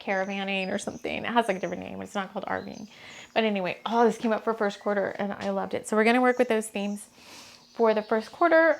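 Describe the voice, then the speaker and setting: A woman's voice: mid-range voice, vocal fry. A woman hosting a spiritual podcast, chatting casually to camera in a rambling, giggly, gushing way.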